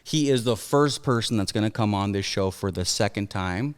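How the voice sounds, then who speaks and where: Young man, podcast host, smooth clear voice, long room reverb, enthusiastic. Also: on the low side, normal speed. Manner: eager, enthusiastic. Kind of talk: casual podcast chat.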